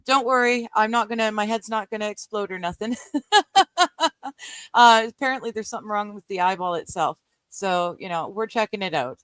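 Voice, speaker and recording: A woman's voice: mid-range voice, fairly quick, fairly bright tone, smooth, no echo. Middle-aged Canadian woman, streamer chatting with viewers, rambling and giggly, lots of ums, dry close-mic sound. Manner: chatty and rambling, laughs often, many ums. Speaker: live-stream host reading a book aloud. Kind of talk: casual live-stream chat with viewers.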